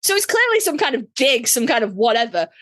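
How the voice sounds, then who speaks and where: Lively Yorkshire woman telling a story. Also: high voice, fairly quick, dry recording. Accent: Yorkshire English. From Yorkshire, England. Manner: animated, swears freely, acts out quotes. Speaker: podcast co-host. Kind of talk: casual storytelling chat.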